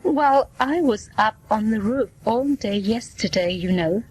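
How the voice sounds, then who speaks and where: A woman's voice: on the high side, lively intonation, darkish tone, slightly rough, dry recording, low-quality recording. A woman reading as a man with a cold. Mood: plain. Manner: slow, plain reading voice. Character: middle-aged man with a cold, chatty patient. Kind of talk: scripted dialogue for learners.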